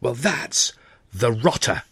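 A man reading an audiobook, voicing an excitable young student who talks in a flustered, gushing rush. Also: medium pitch, slow, husky, no room sound, studio quality, full character voice. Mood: urgent. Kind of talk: audiobook character voice.

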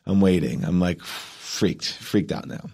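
A man guest on a podcast, telling a story animatedly, acting out quotes and restarting his sentences fast. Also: low voice, creaky, darkish tone, slightly rough. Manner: acts out quotes, rapid restarts.

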